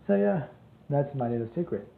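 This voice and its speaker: A man's voice: medium pitch, animated, brisk, creaky. Brief: casual rambling male storyteller, tinny phone-like audio in an echoey room. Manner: rambling, full of fillers and restarts. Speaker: channel host.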